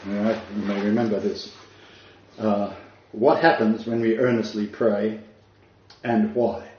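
A man giving a spiritual lecture as a rabbi to a small live group, halting, with frequent fillers and restarts. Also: fairly low pitch, warm tone. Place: room with a small audience. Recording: distant, roomy, dull room recording.

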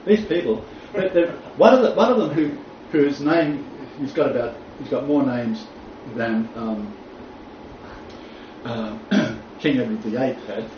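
A man's voice: mid-range voice, unhurried. Man, Bible teacher, blunt and joking, dull echoey sound from a distance. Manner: blunt, joking, laughs often, animated. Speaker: Bible teacher lecturing a class. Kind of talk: informal lecture. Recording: echoey room from far off, dull, faint noise.

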